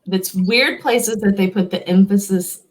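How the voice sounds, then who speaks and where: Woman, quiz host, playful, laughs a lot, sounds words out slowly. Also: mid-range voice, poor audio. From Louisiana. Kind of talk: casual pronunciation quiz.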